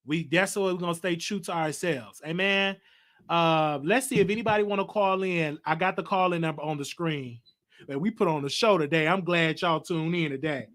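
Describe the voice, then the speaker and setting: This man's voice sits a little high, slightly bright, at a moderate pace. He hosts a live talk show of his own, delivering a monologue in a Southern US accent, venting candidly about family and frequently starting over mid-thought.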